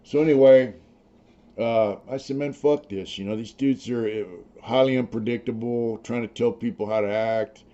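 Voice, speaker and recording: A man's voice: medium pitch, fairly even intonation, normal speed, mellow. A middle-aged man, a former prisoner, telling his story in blunt, streetwise talk full of slang and swearing. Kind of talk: casual storytelling, profane. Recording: slightly dull lo-fi audio.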